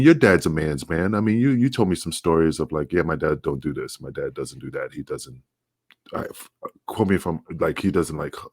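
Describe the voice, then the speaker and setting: A middle-aged man with a very low, heavy voice talks bluntly in a casual podcast chat, swearing without a second thought and stumbling back over his own words. The sound is close and dry, with no room around it. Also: dry recording. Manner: blunt, emphatic, swears freely, frequent restarts. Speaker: podcast co-host, former wrestler.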